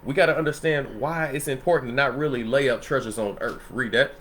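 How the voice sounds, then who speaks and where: A man in a relaxed Bible study who teaches the scripture in a loose, conversational way, laughing often and checking in with his listeners. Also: mid-range voice, fairly quick, a little hiss or hum. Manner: loose and conversational, laughs often, asks "you know what I'm saying?".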